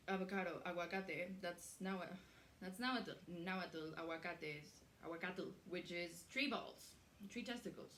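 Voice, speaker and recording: A woman's voice: on the low side, a bit bright, slight background noise. A young woman hosting a casual cooking vlog in her home kitchen, chatty, swearing freely and laughing easily. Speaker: cooking show host. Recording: roomy kitchen echo.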